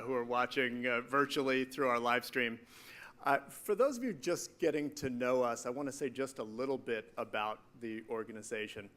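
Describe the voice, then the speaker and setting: A man, the executive director of an organization, giving a measured, earnest welcome speech on stage at an awards event. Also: mid-range voice, pushed and bright. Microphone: stage microphone.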